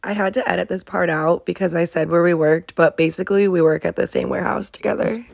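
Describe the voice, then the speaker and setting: A woman hosting her own podcast, telling stories in a rambling, animated way with frequent swearing, talking from under a blanket. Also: on the low side, fast talker, vocal fry, dry recording. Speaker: podcast host. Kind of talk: casual storytelling.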